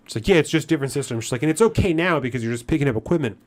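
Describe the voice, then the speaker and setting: A man's voice: mid-range voice, racing, hardly any pauses. A man on a podcast retelling a frustrating customer service visit in casual chat, acting out both sides and swearing as he gets worked up. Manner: animated retelling that grows into irritated ranting; swears freely. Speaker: podcast co-host.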